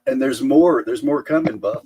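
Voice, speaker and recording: A man's voice: mid-range voice, moderate pace, mellow, breathy edge, dry recording. A man chiming in with jokes during a casual podcast chat. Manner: joking interjections.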